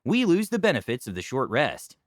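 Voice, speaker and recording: Man, story narrator, wry deadpan delivery, very lively pitch, dry close sound. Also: a little fast, no echo.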